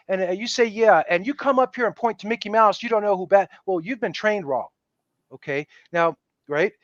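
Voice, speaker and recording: A man talking as a podcast guest in a casual interview, emphatic and animated, acting out the people he quotes. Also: sits high, fairly quick, no room sound, highs cut off.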